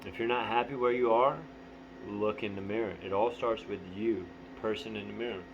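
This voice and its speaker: A man talking candidly to the camera in a profane, motivational monologue. He is blunt, swears constantly and often clears his throat. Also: on the low side, fairly even intonation, a little fast. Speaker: vlogger. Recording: dull lo-fi audio with faint hum.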